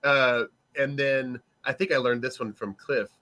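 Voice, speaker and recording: A man's voice: medium pitch, a little slow. A man on a game master panel, chatting casually and jokingly, with laughs between his points. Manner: joking, animated, laughs while talking.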